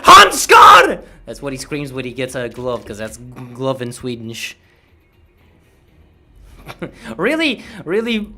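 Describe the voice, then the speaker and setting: A man's voice: fairly high pitch, fairly bright tone. A man chatting casually on a livestream, laid-back, swearing and tripping over words.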